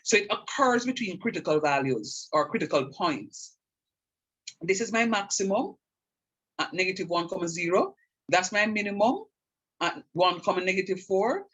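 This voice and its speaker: A man's voice: high-pitched, fairly bright tone, husky, poor audio. A middle-aged man teaching a calculus lecture, repeating key points with emphasis and checking that students follow. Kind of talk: classroom math lecture.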